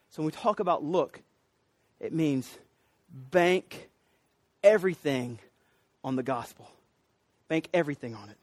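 Preacher, male, high-pitched voice, dry close sound; storyteller cadence, builds to emphatic cries. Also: unhurried, pauses often, dry recording. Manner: rising to emphatic, preachy cries on repeated phrases. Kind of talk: sermon.

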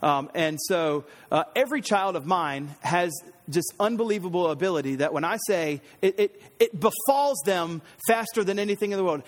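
A man in his thirties preaching a sermon, telling a family story in an animated way and acting out the voices. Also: sits high, normal speed. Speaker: pastor. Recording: long hall reverb.

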